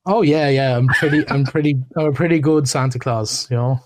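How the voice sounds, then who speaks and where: Man, podcast guest, casual chat, relaxed and hesitant, lots of ums, average pitch. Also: a little fast. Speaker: guest, massage therapist.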